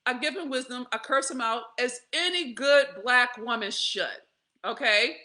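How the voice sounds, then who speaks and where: A woman, telling a candid personal story to her viewers in a profane, animated way, laughing often. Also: on the high side, unhurried. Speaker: vlogger.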